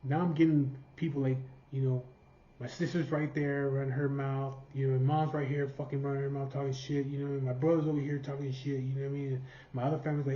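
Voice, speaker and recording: A man's voice: mid-range voice, level tone, fast talker, warm tone. A man telling a personal story in a blunt, profane, casual way, acting out what each person said. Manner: blunt, profane, voices the people he quotes. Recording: dull, slightly noisy recording.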